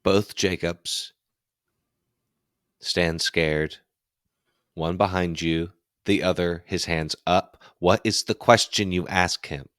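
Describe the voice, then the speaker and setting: A man narrating a tabletop horror game as game master, in slow, measured speech and with questions to the player. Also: low voice, fairly even intonation, fairly bright tone, no room sound, clean studio sound.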